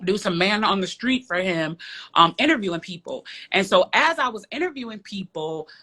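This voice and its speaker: A woman from the south side of Chicago tells her story as a guest, her voice bright and ringing. She leans on repeated phrases for emphasis. She speaks frankly, even bluntly. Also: medium pitch. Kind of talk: casual interview chat, storytelling.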